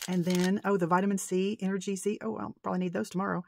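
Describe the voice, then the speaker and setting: A middle-aged woman vlogging about paper crafting in a casual show-and-tell, excitable and gushing, rambling and getting tongue-tied as she goes. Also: mid-range voice, fast, vocal fry, slight background noise.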